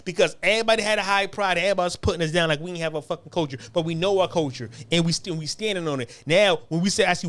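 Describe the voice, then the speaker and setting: A man's voice: high-pitched, quick pace, fairly bright tone. A man from the United States ranting in a casual, profane, rambling way, often stumbling and restarting his sentences. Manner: rambling, repetitive, heated, frequent stammered restarts. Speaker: commentary channel host.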